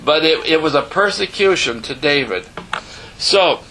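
A man's voice: on the high side, animated, unhurried, bright, forceful tone, low-quality recording. A man in his seventies preaching a sermon, telling his own story earnestly with emphatic asides and bantering with the audience. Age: 70s. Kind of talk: sermon testimony.

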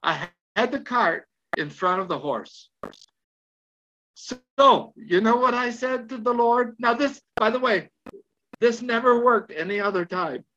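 A man's voice: very high voice, bright, forceful tone. An older man preaching a sermon, telling a story with repeated phrases and questions to his listeners. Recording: slightly dull lo-fi recording.

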